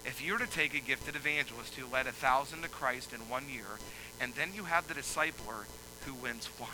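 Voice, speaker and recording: A male pastor preaching a sermon, moving from quiet explaining to loud, emphatic preaching. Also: medium pitch, a little fast, noisy background.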